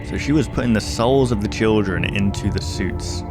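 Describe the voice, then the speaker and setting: A man's voice: fairly low pitch, normal speed, music in the background. A man hosting a video reaction channel, chatting casually and thinking aloud, often cutting himself off mid-sentence. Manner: rambling, thinking aloud with self-interruptions.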